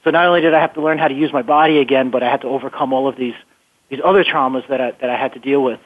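A man's voice: medium pitch, steady tone, rapid-fire. A man telling his life story as an interview guest, earnest and often repeating words as he thinks. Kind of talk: phone-in radio interview. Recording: tinny phone line.

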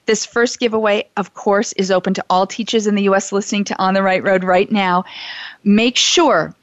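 A woman hosting a live show, reading shout-outs and running giveaways in a gushing, emotional way. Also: mid-range voice, no room sound, highs cut off. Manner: warm, gushing, emotional at times. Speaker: radio show host.

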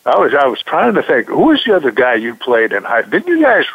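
An older man, a former football coach, reminiscing in a halting, casual way as a radio guest, in a husky voice. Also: mid-range voice, huge pitch swings, no room sound. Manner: halting, reminiscing, trips over his words. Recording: muffled lo-fi radio audio.

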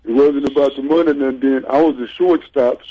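Guest ex-shortstop: quick, matter-of-fact delivery, dull radio sound. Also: male voice, mid-range voice, fairly even intonation, slightly rough. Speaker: guest, former baseball player. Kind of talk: casual sports talk.

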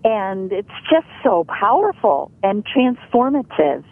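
Slow, husky woman on a phone line. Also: mid-range voice, big pitch swings. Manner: demonstrates different voices, earnest and coaching. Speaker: guest, sound healer. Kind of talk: radio interview over the phone.

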